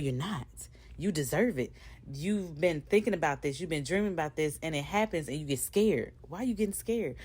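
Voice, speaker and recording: A woman hosting her own podcast, talking casually and candidly to her listeners, rambling and laughing at herself. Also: sits low. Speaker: podcast host. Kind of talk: casual motivational monologue.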